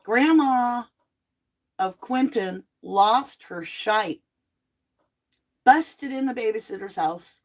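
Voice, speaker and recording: A middle-aged woman hosting a live true crime tarot chat from home, talking casually and bluntly with animated asides while she is sick on cough medicine. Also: fairly high pitch, slow, pauses often. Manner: chatty, blunt, animated asides and mock quotes.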